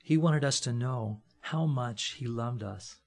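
A man's voice: mid-range voice, a little slow. A man preaching a conversational sermon from a church platform, folksy, with joking asides and frequent fillers.

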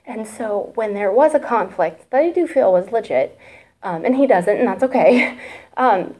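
A woman's voice: medium pitch, expressive, moderate pace, a little mellow. Woman, 30s, church testimony speaker, candid and emotional, conversational delivery. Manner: candid, chatty, emotional, fillers and asides. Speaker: church member giving a testimony. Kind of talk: personal testimony talk.

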